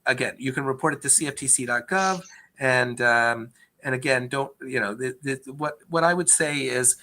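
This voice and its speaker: A man's voice: mid-range voice, bright, forceful tone. A man from a government agency answering questions about fraud in an earnest, explanatory way, often restarting his sentences. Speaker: agency speaker on investor fraud. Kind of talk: conversational Q&A presentation.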